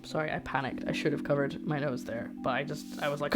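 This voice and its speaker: A young woman from the UK chatting casually on a cooking livestream, reading out recipe steps and reacting to her chat with excited disbelief, talking into a streaming mic in her home kitchen. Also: low voice, fast, creaky, few pauses. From United Kingdom. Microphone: streaming microphone. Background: guitar music.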